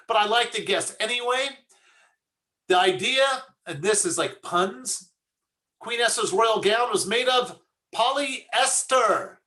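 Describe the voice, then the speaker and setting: A man with a high, sharp voice leads an online service from a video call. He talks in a relaxed, chatty way, stopping to tell groan-worthy puns. The sound is a plain call-mic recording. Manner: chatty, jokey, tells corny puns. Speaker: rabbi leading a service. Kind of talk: casual online service hosting.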